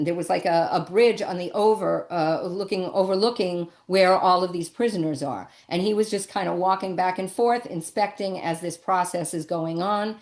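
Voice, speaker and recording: A middle-aged woman giving a personal family-history talk over a video call, conversational and emotional, with many ums and restarts. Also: on the low side. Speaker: presenter.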